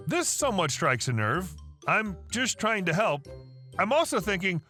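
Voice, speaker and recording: A man's voice: sits high, big pitch swings, normal speed, bright, forceful tone, soft background music. A man reading online stories aloud in a wry, sarcastic storytelling manner. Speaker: story narrator.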